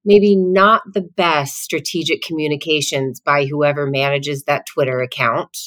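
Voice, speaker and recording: A woman co-hosting a podcast with a lowish voice, upbeat and playful in casual chat. She hesitates often, with fillers and repeated words. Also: fairly even intonation, unhurried, fairly bright tone. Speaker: podcast co-host.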